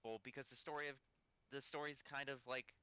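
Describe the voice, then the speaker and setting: A young man co-hosting a gaming podcast, rambling and jokey, with lots of halting restarts. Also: mid-range voice, little pitch movement, bright, forceful tone, clear, resonant tone, no room sound. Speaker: podcast co-host. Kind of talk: casual podcast chat.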